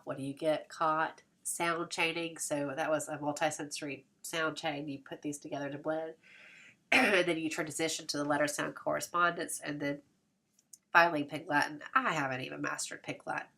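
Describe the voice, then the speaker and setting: A woman's voice: sits low, pushed and bright. A woman instructor with a congested voice giving a recorded lecture, explaining step by step with fillers and self-corrections. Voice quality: occasional throat clearing.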